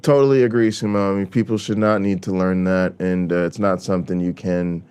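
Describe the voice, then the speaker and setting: A man hosting a livestream, talking in an earnest, halting way with many fillers. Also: sits low, steady tone, a little mellow, clean tone. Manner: hesitant, lots of fillers, earnest. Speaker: stream host. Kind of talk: casual livestream discussion.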